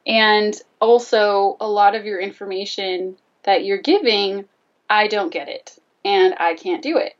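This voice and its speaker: A woman's voice: mid-range voice, a little slow, far from the mic, dull audio. A woman telling a personal story in casual conversation, animatedly acting out both sides of the dialogue. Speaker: guest telling her story.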